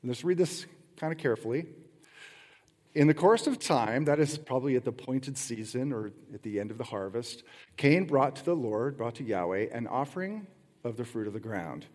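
A man's voice: mid-range voice, lively intonation, normal speed, a little mellow. A middle-aged man preaching a sermon in a conversational way, with rhetorical questions and playful asides. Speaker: pastor. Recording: long hall reverb.

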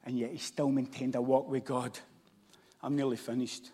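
A man with a Scottish accent preaching a sermon, moving between loud shouts and hushed, intense passages. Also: medium pitch, little pitch movement, moderate pace, slightly rough. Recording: long hall reverb.

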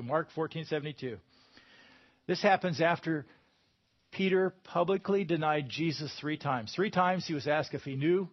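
A man's voice: fairly high pitch, dull audio. A man preaching a sermon in a conversational way, with emphatic bursts when he quotes scripture.

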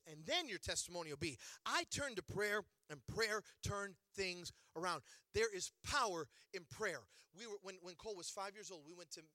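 A middle-aged man preaching a humorous storytelling sermon. He talks animatedly, acts out quotes and builds to shouted exhortations. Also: high voice, dry recording.

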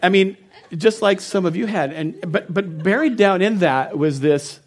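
A man's voice: high voice, measured pace. A middle-aged man, a pastor, preaching a sermon in an earnest and personal storytelling way, often laughing.

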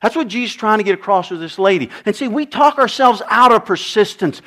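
A man's voice: sits high, lively intonation, quick pace, hardly any pauses, fairly bright tone. A middle-aged man preaching a sermon, telling stories and acting out the dialogue in different voices. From United States. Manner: storytelling, acts out dialogue with shifting voices. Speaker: pastor.

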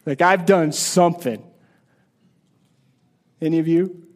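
High-voiced man preaching casually. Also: measured pace. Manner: casual, conversational Bible teaching; repeats and restarts words while explaining. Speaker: pastor. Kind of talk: sermon.

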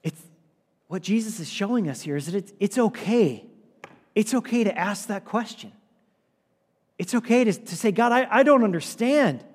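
A man preaching a sermon as pastor, earnest and repetitive, sometimes dropping his voice low and quiet for emphasis. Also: lively intonation, moderate pace, pauses often, slightly rough. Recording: long hall reverb.

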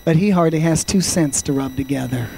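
A man in his fifties preaches with fervor, his voice pitched high for a man. He swings from ringing calls to the congregation down to hushed, personal storytelling. A faint hum sits under the recording. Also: brisk, vocal fry, low-quality recording. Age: 50s. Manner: fervent preaching, swings from loud shouts to quiet storytelling. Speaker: pastor. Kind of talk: sermon.

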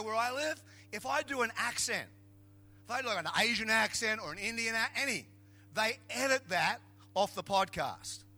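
In a very high-pitched voice, a middle-aged Australian pastor preaches a funny sermon. He spins jokey stories with animation and works up to emphatic shouts.

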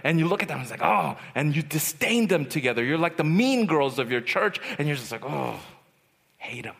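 A young man preaches at a youth retreat, talking fast in a slightly high voice, and the recording has a long hall reverb. He's an animated storyteller, sharing personal stories and acting out the voices in them.

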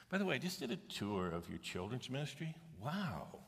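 Gravelly, mid-range and a bit bright, this middle-aged pastor's voice is very animated as he preaches at a moderate pace with few pauses. He earnestly tells stories, performing the characters' quoted lines. The recording carries the long reverb of a large church auditorium.

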